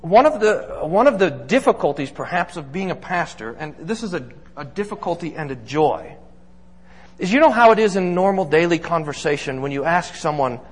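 A man's voice: fairly high pitch, lively intonation, moderate pace, husky. A man preaching as a pastor, earnest and emphatic, building points through repeated lists in a sermon. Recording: long reverb of a large hall.

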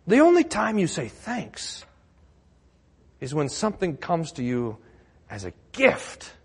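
A man's voice: a little high, wildly swooping pitch, slow pace, breathy edge, big-room sound. A man preaching a sermon as pastor, telling the story with acted-out quotes and laughing along.

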